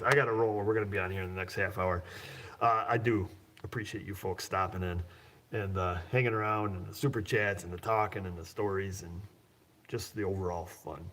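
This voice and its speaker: Low-voiced man rambling on a livestream. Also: fairly bright tone, slight background noise. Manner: loose, jokey and rambling, often chuckling. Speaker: mechanic hosting a livestream. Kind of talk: casual livestream chat.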